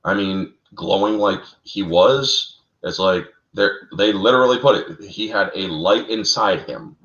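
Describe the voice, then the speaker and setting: Male co-host, lowish voice, animated fan-lore talker, roomy lo-fi sound. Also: measured pace. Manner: animated, addresses listeners as folks, laughs at own slips. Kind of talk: casual lore discussion.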